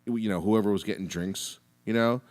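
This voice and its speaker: Male co-host with a lowish voice, casual, emphatic, salty language. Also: normal speed. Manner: animated, profane, emphatic storytelling. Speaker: podcast co-host. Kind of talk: casual chat.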